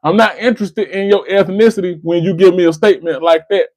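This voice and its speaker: A man's voice: high-pitched, steady tone, fast talker, darkish tone, dry recording, rough recording. A man, hosting a call-in debate and lecturing the caller. He keeps repeating the caller's name and restarting his words. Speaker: host of a call-in debate stream. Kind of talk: argumentative call-in discussion.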